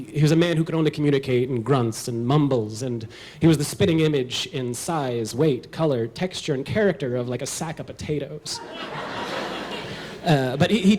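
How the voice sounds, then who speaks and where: A man's voice: medium pitch, a little mellow. A man telling a personal story at a live storytelling show, wry, comic and self-deprecating.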